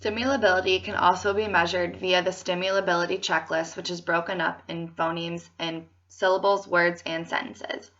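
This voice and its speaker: A woman clinician speaking slowly and distinctly, giving prompts for a child to repeat and then narrating. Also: on the low side, little pitch movement, fairly bright tone. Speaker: speech clinician giving a test. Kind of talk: slow, clear test prompts and narration. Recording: muffled, distant lo-fi recording.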